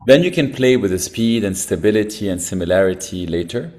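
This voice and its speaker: A man with a lowish voice co-hosts an online workshop. He is upbeat and jokey as he tells participants what to do next. He speaks into a computer mic on a video call. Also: animated, fairly quick, darkish tone. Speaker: workshop co-host.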